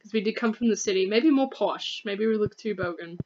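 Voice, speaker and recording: A woman's voice: mid-range voice, a little fast, a little mellow, muffled recording. Chatty Australian young woman gamer. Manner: chatty, guiding, playful. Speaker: gaming channel host. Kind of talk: casual gameplay chat.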